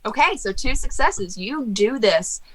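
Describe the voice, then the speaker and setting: A young woman narrating as game master of a tabletop game, animated and joking in mock anger with her players. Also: fairly high pitch, unhurried, poor audio. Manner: animated, laughing, mock-angry banter.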